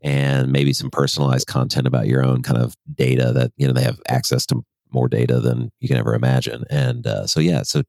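A man's voice: extremely low pitch, flat delivery, brisk, gravelly, few pauses, darkish tone, no echo, studio quality. A man co-hosting a podcast in casual chat, rambling and agreeable, often correcting himself mid-phrase. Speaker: podcast co-host.

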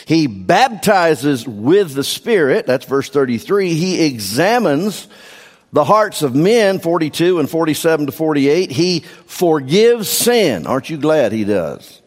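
A man's voice: a little high, very animated, slow. An older man preaching a sermon as a pastor, earnest and emotional as he leads his congregation in reading scripture. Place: church sanctuary. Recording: long hall reverb.

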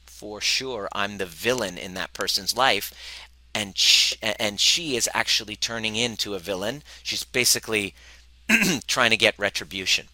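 Sharp-voiced, profane male coach. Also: lowish voice, moderate pace, poor audio. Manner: animated and profane, acting out quoted voices; speaks directly to the audience. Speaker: relationship coach. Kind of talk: live workshop teaching.

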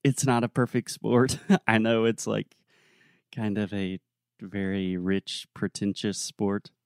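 A young adult man co-hosting a podcast, telling a story in a relaxed, casual way with plenty of fillers. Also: lowish voice, takes it slowly, no room sound, clean studio sound. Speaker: podcast co-host.

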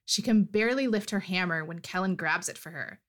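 A woman's voice: fairly low pitch, fairly quick, fairly bright tone. A woman co-hosting a podcast, animatedly recapping a fantasy story in casual chat. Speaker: podcast co-host.

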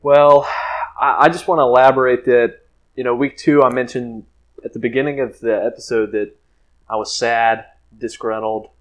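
A man's voice: medium pitch, steady tone, normal speed, low-quality recording. A man co-hosting a podcast, talking casually with mock-dramatic, playful complaints. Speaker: podcast co-host. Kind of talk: casual chat.

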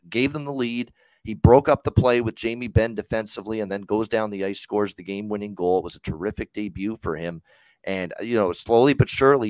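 A man's voice: on the low side, no echo. A man hosting a hockey betting show, talking casually with lots of fillers and the odd swear word. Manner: rambling, profane, filler-heavy.

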